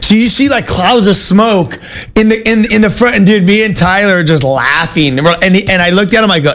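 A male talk show host telling a story in a casual, animated way, full of "dude" and "like" and quick restarts. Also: high voice. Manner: animated and excitable, lots of "dude" and "like", frequent restarts.

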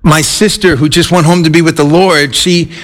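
A man preaching a sermon in a high, light voice. He talks earnestly, climbing into emphatic peaks and then stretching key phrases out slowly. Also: fairly even intonation, a bit bright. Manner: earnest, rising to emphatic peaks and slowing to drawn-out stresses.

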